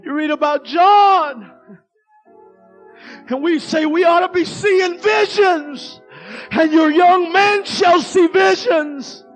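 Fiery shouting preacher with a very high voice. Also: male voice, takes it slowly, soft background music. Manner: fiery, shouting delivery with frequent "uh" breaths; colloquial, folksy phrasing. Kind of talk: revival sermon.

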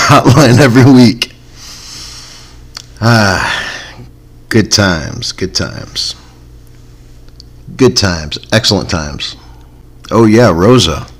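A man hosting a comedy podcast, talking in a laid-back, dry way that often trails off. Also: fairly low pitch. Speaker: podcast host. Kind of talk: casual comedy podcast chat.

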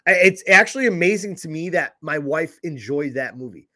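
A man with a notably high voice chats bluntly in casual banter. He swears freely and gives his opinions without softening them. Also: lively intonation, a little fast. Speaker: podcast co-host.

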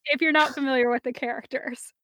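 A woman's voice: high-pitched, fairly even intonation, quick pace, a bit bright, no echo. A young woman reading fan fiction aloud to friends in a giggly, easygoing way. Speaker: fan audiobook reader.

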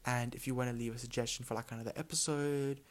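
A man's voice: mid-range voice, fairly even intonation, fast. A young man hosting his own podcast, rambling in casual chat full of filler words and tending to mumble his words together. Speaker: podcast host.

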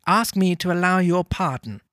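A man's voice: high-pitched, animated, moderate pace, a bit bright, no echo, clean studio sound. A man voicing an old miser turned cheerful, speaking eagerly and courteously.

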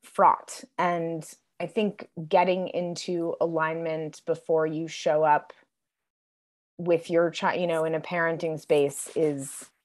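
Reflective woman with a low voice. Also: little pitch movement, takes it slowly. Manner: reflective, soft-spoken, many fillers. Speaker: guest, TV writer and producer. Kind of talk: casual conversation.

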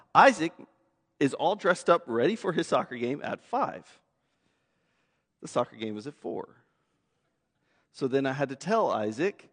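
Conversational pastor in a reverberant church. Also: male voice, medium pitch, very animated, normal speed, long pauses, fairly bright tone. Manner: conversational, self-deprecating, repeats words when starting a thought. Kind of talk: sermon. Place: church sanctuary. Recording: long hall reverb.

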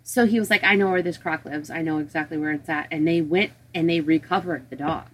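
A woman's voice: low-pitched, a little fast, low-quality recording. A woman co-hosting a podcast who tells stories in casual chat and is easily grossed out. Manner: chatty storyteller, easily grossed out. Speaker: podcast co-host.

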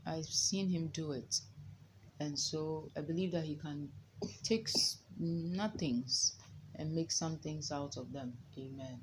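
Slow, low-voiced woman preacher. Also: noisy background. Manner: slow, reverent, with frequent amens and hallelujahs. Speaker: prayer leader. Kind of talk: informal sermon and Bible reading.

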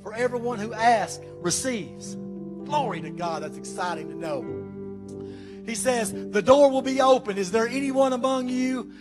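High-voiced preacher. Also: male voice, moderate pace, music in the background. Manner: emphatic preaching, exclamations of praise. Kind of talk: sermon.

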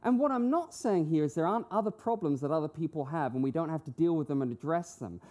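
A woman delivers a sermon in a warm, mellow, fairly low voice. Her pitch rises and falls with animated emphasis as she fires off rhetorical questions and acts out short quotes. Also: fast talker. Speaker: preacher.

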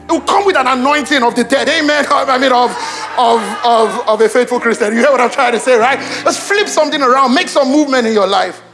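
An animated young pastor with a notably high voice preaches to his church. He swings from loud exclamations down to hushed emphasis and keeps repeating his lines. Faint music plays softly underneath him. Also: quick pace. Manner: repeats lines for emphasis, addresses congregation directly. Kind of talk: sermon. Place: church auditorium with congregation.

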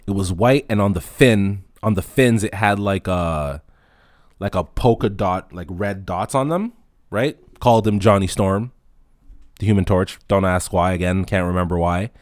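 A man hosting a casual solo podcast, telling profane stories in an animated way and acting out the dialogue. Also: low voice, moderate pace, no room sound, studio quality. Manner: acts out dialogue in anecdotes. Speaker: podcast host.

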